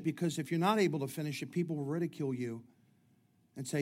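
A man's voice: on the high side, fast talker, a little mellow. A middle-aged man preaching a sermon, talking in a chatty way with jokes and many restarts. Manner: conversational preaching with humorous asides and frequent restarts. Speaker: pastor.

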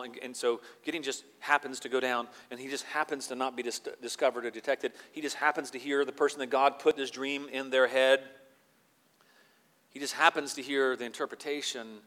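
Male pastor, sermon delivery, bright and forceful tone, reverberant hall, shifts from quiet reflection to loud emphasis. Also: medium pitch. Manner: swings from quiet, slow reflection to loud, emphatic scripture reading.

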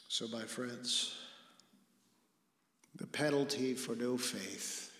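A man preaching a sermon as pastor, earnest, sometimes dropping his voice to a hush for emphasis. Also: mid-range voice, drawn-out words. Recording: echoey hall with long reverb.

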